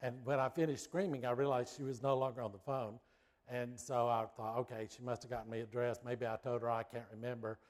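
A middle-aged male pastor giving a sermon, telling a lively personal story with suspense before drawing out his point. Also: medium pitch.

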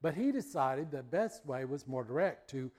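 A man's voice: mid-range voice, animated, moderate pace, a little mellow. Folksy man preaching a sermon. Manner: folksy storytelling, acts out voices and barks. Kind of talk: sermon with a personal childhood story.

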